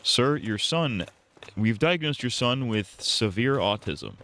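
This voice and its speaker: A man voicing a solemn doctor who speaks slowly and formally. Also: medium pitch, expressive, a bit bright. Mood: grave.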